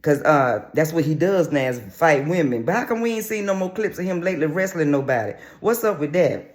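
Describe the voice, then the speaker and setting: A man's voice: fairly high pitch, expressive, a little fast. A man giving sassy, brash, crude gossip commentary on a reality show in a casual vlog.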